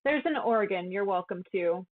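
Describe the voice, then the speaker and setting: A woman voicing a sly, sharp-eyed young sister with a coy, fussy way of talking, heard over a tinny call line. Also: medium pitch, lively intonation, moderate pace, natural voice. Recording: tinny phone-like call audio.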